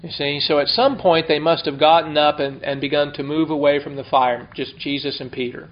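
Male Bible teacher, slightly high voice, chatty verse-by-verse style, muffled lo-fi sound. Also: steady tone, brisk. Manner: conversational, explains and asks the class. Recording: dull lo-fi recording.

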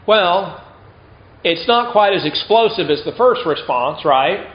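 A man delivers a sermon in an easy, conversational manner, sprinkling in rhetorical questions. His voice sits a little high. The recording is echoey and somewhat lo-fi. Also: expressive, takes it slowly. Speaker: pastor. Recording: roomy, dull lo-fi sound.

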